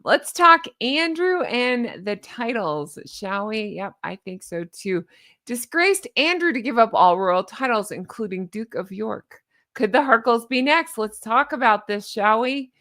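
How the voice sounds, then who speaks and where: A woman's voice: on the high side, animated, a little slow, fairly bright tone. Chatty, sarcastic woman commentator. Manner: chatty, sarcastic, with many restarts and asides. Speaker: royal commentary channel host. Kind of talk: casual chat commentary.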